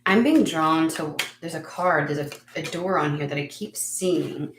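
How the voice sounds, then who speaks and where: A woman with a lower voice, who reads tarot and hosts a channel, works through a casual reading in a frank, chatty and unhurried way, swearing freely and laughing at herself. The roomy space makes her voice echo, and there's a faint hiss in the background.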